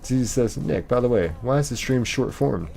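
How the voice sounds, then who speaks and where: A man's voice: mid-range voice, animated, normal speed, gravelly, mellow, soft background music. An American man hosting a livestream, reading out viewer comments and answering them in a rambling, casual way with many fillers. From United States. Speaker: livestream host.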